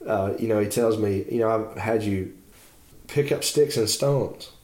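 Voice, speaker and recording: A man's voice: lowish voice, a little slow, a little mellow, reverberant. A man preaching a devotional sermon in an earnest, encouraging way.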